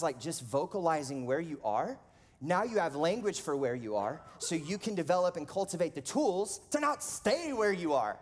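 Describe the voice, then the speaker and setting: A man in his thirties preaching a sermon in a casual, animated storytelling way, full of "like". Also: fairly high pitch. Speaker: pastor. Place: church auditorium. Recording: long reverb of a large hall.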